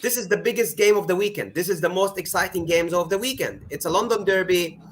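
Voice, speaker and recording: Male co-host, high voice, casual pundit making his case. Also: fast talker. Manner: builds a case, filler "you know". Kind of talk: casual football chat.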